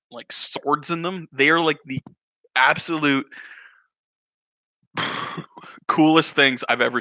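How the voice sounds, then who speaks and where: A man's voice: mid-range voice, sharp tone, dry recording. A man telling a funny story in a casual, rambling way, laughing and drifting into asides. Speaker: YouTuber.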